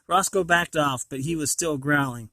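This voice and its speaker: A man reading a children's storybook aloud, now and then stumbling and restarting a word. His voice is bright and a little high. The sound is close and dry. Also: moderate pace, no echo. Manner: animated reading, occasional slips and restarts. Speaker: storybook reader.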